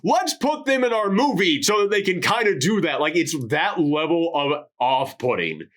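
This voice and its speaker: A man's voice: fairly high pitch, very animated, normal speed, a bit bright. A man co-hosting a casual movie review podcast, acting out quotes from the film in dramatic voices. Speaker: podcast co-host.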